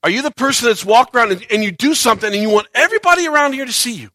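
Male pastor, sermon delivery, bright tense tone, dramatic swings in volume, acts out voices. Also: very high-pitched, very fast, hardly any pauses, no room sound. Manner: animated preaching, acts out quoted voices, swings loud and soft.

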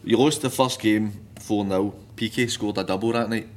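A man's voice: on the low side, fairly even intonation, normal speed. A Scottish man hosting a podcast, quizzing the guest and correcting details in casual chat.

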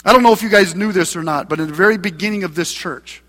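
A male pastor preaching a sermon in a church, emphatic and building to loud passages. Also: high voice, quick pace. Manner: preaching with rising, emphatic mocking voices for scripture. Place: church sanctuary. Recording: long hall reverb.

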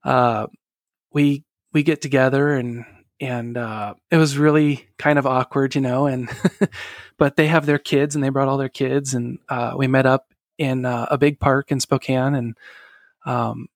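Man, middle-aged, earnest, halting storytelling, dry sound. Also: mid-range voice, steady tone, dry recording. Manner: earnest, halting, with soft laughs. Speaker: guest telling his story. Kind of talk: casual personal storytelling.

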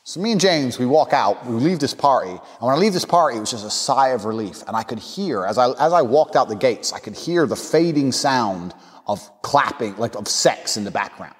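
A man's voice: mid-range voice, expressive, brisk, long reverb tail. A man hosting a podcast, telling a casual story bluntly and crudely, breaking into impressions. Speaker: podcast host. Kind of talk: casual anecdote.

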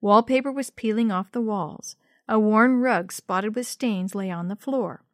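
A woman narrating a children's story in a steady, clear read-aloud style. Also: medium pitch, a little slow, dry recording, clean studio sound.

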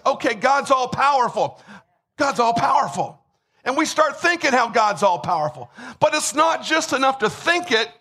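High, bright-voiced preaching man. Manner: emphatic preaching, repeats words, rising to shouts. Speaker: pastor. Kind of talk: sermon.

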